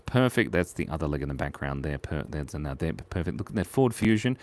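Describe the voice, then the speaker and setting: A man live-streaming while drawing, chatting playfully, muttering quietly as he works and jumping to squeaky, excited highs. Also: quick pace. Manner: playful, jumps to squeaky high bursts of excitement.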